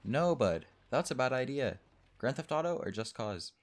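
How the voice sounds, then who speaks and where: A man's voice: mid-range voice, very animated, normal speed, pitched above the performer's own voice, natural voice. A young man putting on a silly, exaggerated voice for a goofy guy who calls everyone bud. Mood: dismissive. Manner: exaggerated, mock-friendly, profane.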